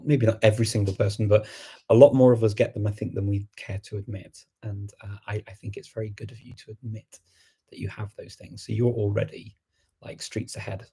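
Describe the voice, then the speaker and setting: A man's voice: on the low side, creaky, dark tone, breathy edge. A man hosting a language learning show, giving casual, reassuring and encouraging advice.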